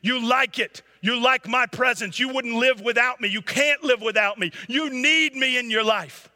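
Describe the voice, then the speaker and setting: A man's voice: very high-pitched, moderate pace, bright, forceful tone, in a large hall, pitched above the performer's own voice, heavily acted. A man voicing a clingy giant lizard that frantically screams to keep its hold on a boy. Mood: frantic. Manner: screeching, possessive, frantic pleading.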